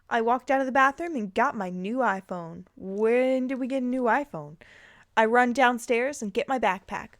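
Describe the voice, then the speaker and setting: A woman's voice: mid-range voice, normal speed, no room sound, clean studio sound. A young woman reading fan fiction aloud, breaking in with giggles and sarcastic asides. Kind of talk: dramatic reading with comic asides.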